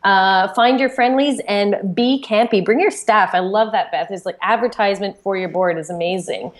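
A woman's voice: medium pitch, normal speed. A woman co-hosting a podcast, chatty and enthusiastic, with lots of filler words as she recaps. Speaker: podcast co-host. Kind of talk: casual podcast chat.

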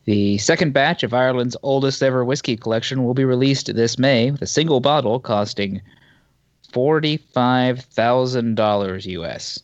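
A male podcast co-host with a mid-range voice reads news items aloud at a moderate pace, casual and prone to small stumbles, slips and asides. His sound is dry and slightly dull, with no echo.

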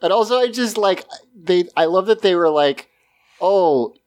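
A man's voice: high-pitched, animated, moderate pace. A man casually recapping a TV episode on a podcast, rambling and laughing often as he talks. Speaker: podcast co-host.

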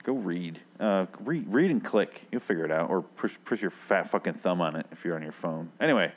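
A man's voice: sits low, expressive, a little fast, few pauses. A man co-hosting a podcast, chatting casually in a crude, rambling, offhand way. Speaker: podcast co-host. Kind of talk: casual profane chat.

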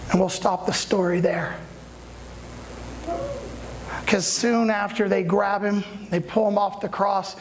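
A man preaching, retelling a story with dramatic swings from hushed lines to shouts and speaking straight to his listeners. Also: sits high, flat delivery, moderate pace, background noise. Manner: addresses listeners directly. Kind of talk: sermon storytelling.

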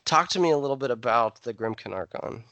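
A man hosting a podcast, excitedly asking his guest questions. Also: mid-range voice, quick pace, no room sound. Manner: excitable, eager interviewer. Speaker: podcast host. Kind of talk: casual podcast chat.

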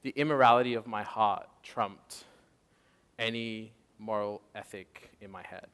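A young man giving a lively testimony sermon, acting out quotes and laughing as he tells his story. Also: fairly low pitch, a little slow, clear, resonant tone. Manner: animated storytelling, acts out quotes, laughs often. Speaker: preacher. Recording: echoey hall.

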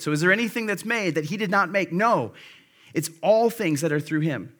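A male pastor with a voice that sits high preaches conversationally, full of fillers and restarts. He drops into slow, quiet emphasis to stress key phrases.

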